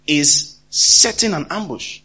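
A man preaching a sermon, emphatic and repetitive, swinging between loud and soft. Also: a little high, expressive, takes it slowly, slightly rough, muffled recording.

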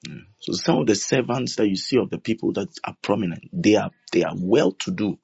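Gravelly preacher man. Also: on the low side, brisk, a little mellow, no room sound. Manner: repetitive, emphatic, acting out prayers. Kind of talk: sermon. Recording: dull lo-fi sound.

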